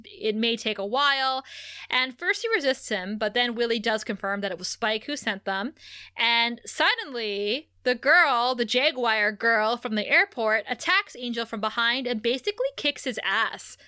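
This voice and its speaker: A woman with a bright, sharp tone and a fairly high voice, chatting as co-host of a podcast. She recaps scenes in an animated way and laughs easily. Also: clean tone. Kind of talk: casual recap chat.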